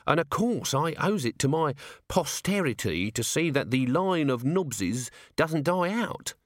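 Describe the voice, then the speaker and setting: A man's voice: a little high, animated, normal speed, fairly bright tone, no room sound, studio quality, pitched above the performer's own voice. Fields: Figure: man voicing a scruffy, whiny young watchman. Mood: eager. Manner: whiny, streetwise, common speech. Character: scruffy cheeky young male city watchman.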